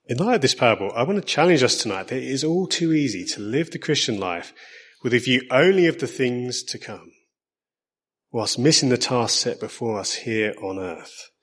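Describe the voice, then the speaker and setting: A man with an Essex accent preaching a sermon in a husky, mid-pitched voice. He speaks in a measured, earnest way and slows down on the points he wants to stress. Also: lively intonation, a bit bright.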